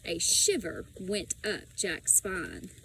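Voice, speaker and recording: Slow, expressive woman reading a storybook. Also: medium pitch, creaky, a little hiss or hum, poor audio. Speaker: audiobook reader. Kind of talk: children's storybook narration.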